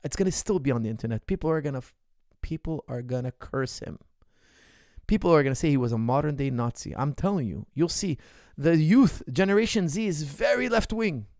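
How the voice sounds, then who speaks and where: A man's voice: fairly high pitch, expressive, a little fast, gravelly, a little mellow. A man speaks with heated, emphatic conviction, often repeating a phrase to drive it home. His voice sits a little above the usual male range. The recording is dry and close, with no room echo. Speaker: martial arts coach answering viewer questions. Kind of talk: impassioned unscripted monologue.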